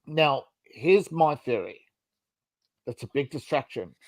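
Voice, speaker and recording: A man's voice: medium pitch, animated, takes it slowly, no echo. A man talking on a casual podcast in a dry, close-sounding room. He rambles through long explanations, stopping for fillers and restarting his sentences. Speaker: podcast co-host.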